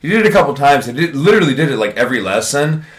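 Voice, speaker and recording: A man's voice: medium pitch, sing-song, very fast. A man who works as an English teacher in Japan, casually telling a profane classroom story on a podcast. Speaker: podcast co-host. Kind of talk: casual chat.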